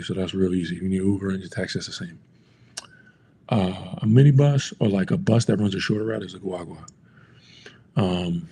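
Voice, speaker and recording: A man's voice: low voice, warm tone, husky. A man from the United States talking casually, teaching travel Spanish phrases and rambling with lots of fillers. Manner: rambling, lots of "like" and "you know". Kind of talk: casual talk to camera.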